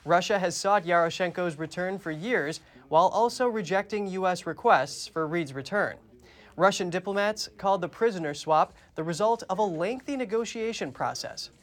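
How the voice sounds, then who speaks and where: A man anchoring a news program, reading the headlines in a measured, crisp way. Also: high-pitched.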